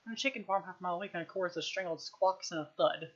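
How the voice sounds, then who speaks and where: A woman reading a novel aloud on a live stream, at a quick pace and with frequent throat-clearing. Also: fairly low pitch, dull audio. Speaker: reader, streamer.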